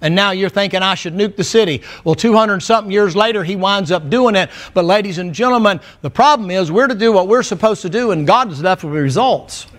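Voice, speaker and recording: A man preaching a sermon, telling Bible stories in a folksy, animated way and acting out the characters' words. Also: high-pitched, brisk, hardly any pauses. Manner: folksy, animated storytelling with acted quotes.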